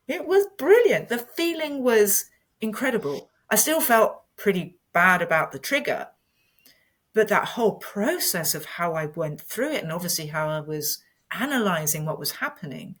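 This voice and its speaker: Husky low-voiced woman, 50s, earnest podcast guest opening up. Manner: earnest and candid, animated when retelling. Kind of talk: reflective personal storytelling.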